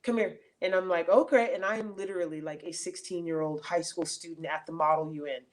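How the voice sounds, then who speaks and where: A middle-aged woman speaks as an interview guest over a remote mic. Her voice sits a little low for a woman. She tells her stories in a loose, animated way, laughing and circling back with fillers and restarts. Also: brisk. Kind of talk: casual storytelling in an interview.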